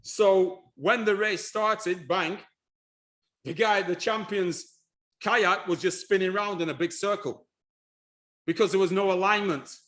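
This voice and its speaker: A man giving a lively presentation on history and culture, animated and repeating himself, with frequent restarts. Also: high voice, a little slow. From United Kingdom.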